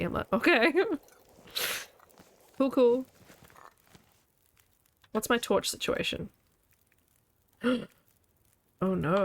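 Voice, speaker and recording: Woman, game streamer, casual chat, playful, laughs often, hums along. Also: medium pitch. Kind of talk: casual chat while playing a video game.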